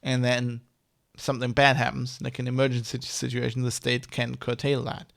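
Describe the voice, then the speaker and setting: A man's voice: mid-range voice, completely flat delivery, moderate pace, vocal fry, fairly bright tone, no echo, studio quality. A man with a mother tongue, ranting in a casual vlog, rambling and heated, with many restarts and swearing. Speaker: vlogger. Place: Germany.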